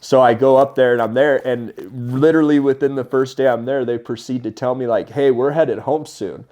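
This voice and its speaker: A man in his thirties telling stories as a podcast guest, animated and often laughing as he talks. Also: mid-range voice, fairly quick. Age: 30s. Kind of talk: casual storytelling.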